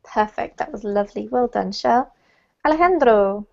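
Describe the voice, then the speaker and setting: A woman with a fairly high voice leads a pronunciation class over a video call, encouraging her students. The audio is dull and muffled. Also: moderate pace, creaky. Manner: encouraging, gives gentle feedback. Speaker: pronunciation teacher. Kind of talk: online group pronunciation class.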